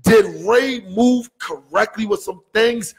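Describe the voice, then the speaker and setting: A man's voice: high voice, steady tone, takes it slowly, husky, big-room sound, low-quality recording. A man in casual sports talk, arguing his point with emphatic rhetorical questions.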